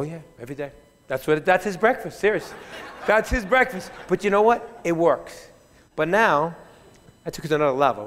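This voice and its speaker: A man, a fitness trainer, telling stories in an animated, chatty way at a conference, often chuckling as he speaks. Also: fairly high pitch. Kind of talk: keynote storytelling. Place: large conference hall. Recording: reverberant conference hall.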